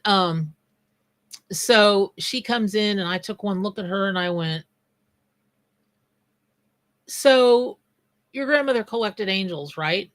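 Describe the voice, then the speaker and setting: A woman's voice: fairly low pitch, fairly bright tone. A woman hosting a live tarot reading, talking bluntly and casually while greeting viewers by name. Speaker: tarot reader and psychic.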